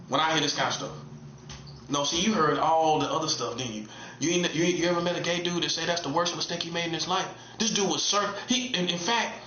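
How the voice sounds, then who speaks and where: A man talks in a casual, emphatic monologue, repeating points in street slang. His voice sits fairly high and sounds bright and forceful. The recording is echoey and a little dull. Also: slight background noise. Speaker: online preacher.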